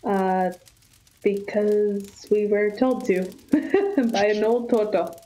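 Very slow-speaking woman player. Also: medium pitch, dark tone, low-quality recording. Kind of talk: casual tabletop play.

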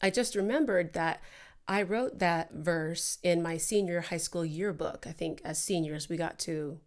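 A woman co-hosting a church Bible discussion, talking in a warm, devotional way about her own prayer life. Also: on the low side, a little slow. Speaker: church podcast co-host. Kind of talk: casual reflective Bible discussion.

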